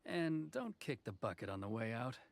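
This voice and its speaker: Reserved male official, game dialogue, measured delivery with a dry wit. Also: mid-range voice, very animated, vocal fry, slight background noise. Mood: restrained.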